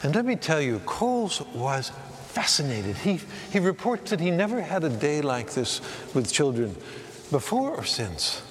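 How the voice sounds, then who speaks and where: A man preaching a sermon, telling a story in a slow, reflective way. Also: on the high side, sing-song, in a large hall, a little hiss or hum.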